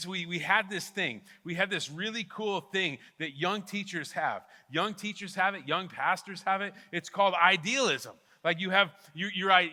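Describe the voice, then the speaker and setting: A man's voice: high-pitched, bright, forceful tone, long reverb tail. A middle-aged man preaching a sermon as pastor, telling a story with emphatic repetitions. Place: church sanctuary.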